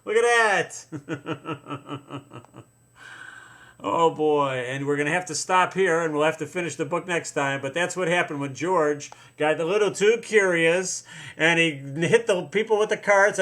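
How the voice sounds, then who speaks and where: A man reading a picture book aloud to his children, playful and drawn-out, stopping often to point things out and comment. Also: fairly high pitch, a bit bright.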